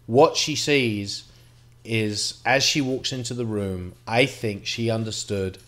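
A middle-aged man, telling a painful personal story to camera in a halting, reflective way, with restarts and the odd swear word. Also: on the low side, a bit bright. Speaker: vlogger.

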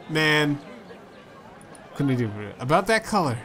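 A man's voice: mid-range voice, lively intonation, slow pace, pushed and bright. A man playing a story game, reading its dialogue aloud in a playful way and switching voices for the characters. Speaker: let's play gamer.

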